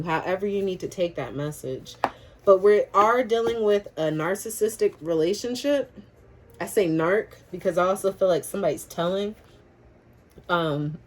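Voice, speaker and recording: Woman, tarot reader, casual chat to camera, spiritual talk, laughs a lot, swears freely. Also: fairly low pitch.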